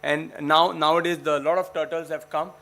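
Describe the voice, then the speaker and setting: A middle-aged man with an Indian English accent lectures a room of students, his voice pitched a little high and carrying a gravelly edge. He talks with urgency, pushing out quick emphatic bursts and then trailing off with filler words. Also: level tone, bright, forceful tone. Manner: impassioned, emphatic, rapid bursts with frequent fillers. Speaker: guest lecturer and researcher.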